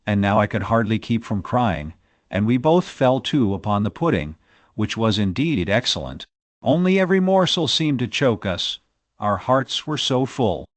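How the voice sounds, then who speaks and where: A man narrating a classic novel as an audiobook, in expressive, measured storytelling. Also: mid-range voice, no echo.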